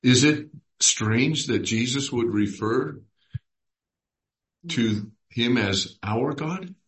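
A man leading a Bible study, reading verses aloud and putting questions to his group. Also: medium pitch. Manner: unhurried, reads scripture aloud and asks the group questions.

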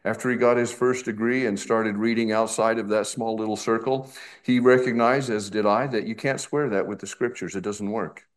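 A middle-aged male pastor preaching an expository sermon, slow and emphatic, with conversational asides. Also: on the low side, fairly even intonation.

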